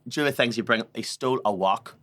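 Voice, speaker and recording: A man's voice: medium pitch, fast, a bit bright. A man, a comedian telling a family story on a podcast, rambling and swearing. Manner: rambling, swearing, laughing often. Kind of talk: casual comic storytelling.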